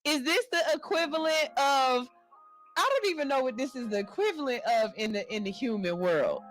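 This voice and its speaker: Animated woman radio host. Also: high voice, moderate pace, soft background music. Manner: animated, swings between reading and riffing. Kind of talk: comedic radio talk, reading a news story. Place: radio studio.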